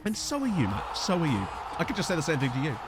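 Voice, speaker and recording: Man, game streamer, animated pitch, slightly high voice, rambling jokey chat, desk mic, faint music behind. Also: fast. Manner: chatty, rambling, thanks viewers, jokey. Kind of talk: casual live-stream chat over a game. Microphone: desk condenser microphone.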